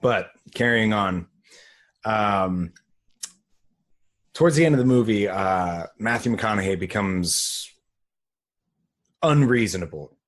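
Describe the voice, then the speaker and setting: A man's voice: fairly low pitch, takes it slowly, pauses often. A man co-hosting a podcast, recapping a movie in casual chat, laid-back, swearing and laughing often. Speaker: podcast co-host.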